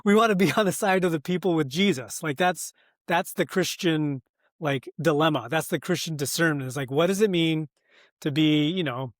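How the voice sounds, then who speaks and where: An American man speaks as a guest in a podcast conversation, earnest and reflective, pausing and restarting as he thinks. His voice sits a little higher than most men's. The sound is dry and close, with no room echo. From United States. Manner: thoughtful, earnest, many fillers and restarts, laughs often. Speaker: pastor and author, guest.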